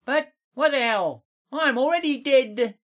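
Wendell, a squeaky sardonic skeleton. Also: male voice, measured pace, a bit bright. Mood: wry. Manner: dry, sardonic. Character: wry undead male skeleton. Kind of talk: audiobook character voice.

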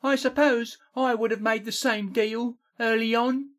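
Brief: man voicing a blunt, high-pitched fantasy companion, matter-of-fact. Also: fairly even intonation, unhurried. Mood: frank. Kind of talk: audiobook character voice.

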